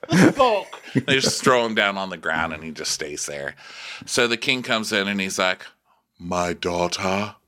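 A man's voice: deep voice, expressive, moderate pace, pushed and bright. A man co-hosting a comedy podcast, sarcastically recapping a TV episode with theatrical impressions. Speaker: podcast co-host. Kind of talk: comedic recap with character voices.

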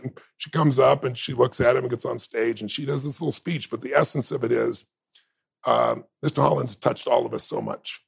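A man's voice: medium pitch, fairly even intonation, brisk, creaky, slightly rough. A man speaking as an interview guest, telling stories in a heartfelt, emotional and emphatic way. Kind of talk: heartfelt conversational storytelling.

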